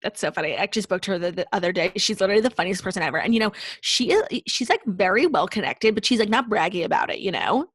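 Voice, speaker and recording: Young female podcast co-host, quick chatty delivery full of fillers, close dry sound. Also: medium pitch, animated, husky, dry recording. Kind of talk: casual chat.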